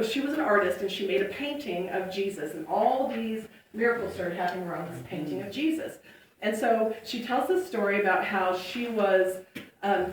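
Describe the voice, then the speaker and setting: A woman's voice: medium pitch, far from the mic, a little hiss or hum. A woman giving a playful inspirational talk to a congregation, telling stories with laughter and acting out voices. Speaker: speaker. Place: church hall. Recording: echoey hall, speaker away from the mic.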